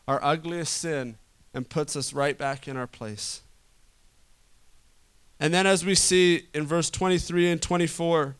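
A man preaching a sermon to a room, swinging from loud urgent stretches to quiet soft ones. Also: fairly high pitch, clean tone. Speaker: pastor.

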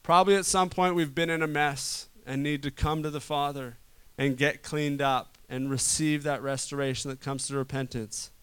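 A man preaching a sermon to a room, swinging from loud urgent stretches to quiet soft ones. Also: fairly high pitch, fairly even intonation, moderate pace, clean tone. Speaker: pastor.

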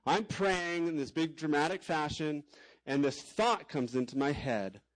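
Man, pastor, sermon, high voice, candid, conversational, casual fillers. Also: expressive, measured pace, poor audio. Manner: candid, conversational preaching with frequent "like" and "you know".

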